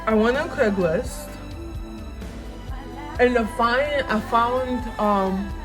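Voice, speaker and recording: A woman's voice: fairly high pitch, drawn-out words. Rambling young woman vlogger over music. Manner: chatty, rambling, self-mocking. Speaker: beauty vlogger. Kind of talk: casual storytelling while doing makeup.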